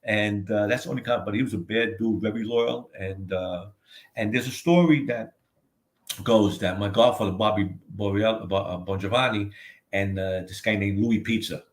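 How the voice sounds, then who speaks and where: A man's voice: on the low side, normal speed. An older man, telling stories as a guest, rambling and swearing freely. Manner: rambling, profane, many "you know what I mean". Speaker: guest, author. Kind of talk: casual storytelling.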